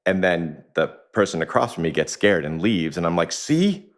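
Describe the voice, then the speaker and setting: Very deep-voiced man talking reflectively. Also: brisk. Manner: reflective, explains through anecdotes, chuckles often. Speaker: executive coach, podcast guest. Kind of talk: conversational podcast interview. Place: home kitchen.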